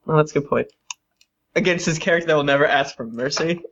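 A man's voice: a little high, fast talker, fairly bright tone. A man running a tabletop game in casual chat, laughing and thinking aloud, on a dull lo-fi recording. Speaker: game master.

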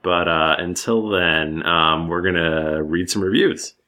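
Casting: easygoing man podcast co-host, lowish voice, relaxed chat that steers segments. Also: a little slow. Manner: easygoing, steers the show along.

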